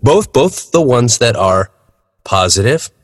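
A man's voice: medium pitch, very animated, slow pace, big-room sound. A man co-hosting a music podcast, chatting casually with playful, dry humor. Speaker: podcast co-host.

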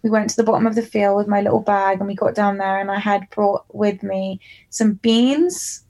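Gravelly-voiced English woman recalling childhood. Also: mid-range voice, steady tone, normal speed, warm tone. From England. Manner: reflective, emotional, candid. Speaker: musician guest. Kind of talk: candid storytelling interview.

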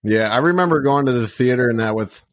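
A man's voice: mid-range voice, expressive, fast talker, dry recording. A man co-hosting a podcast in casual chat, rambling with plenty of fillers and swearing. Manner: rambling, profane, lots of "like". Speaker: podcast co-host.

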